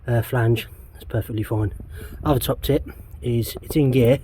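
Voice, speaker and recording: A man's voice: mid-range voice, steady tone, normal speed, mellow, slight background noise. An English man vlogging casually while working on his van outdoors, rambling and swearing often in a laid-back way. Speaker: DIY van customizer vlogger.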